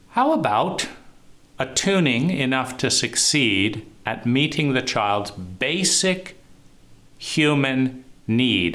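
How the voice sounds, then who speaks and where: A man giving a recorded talk on trauma and adult love, emphatic and rhetorical, stressing words with swings in pitch and pace. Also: fairly bright tone. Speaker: trauma therapist teaching.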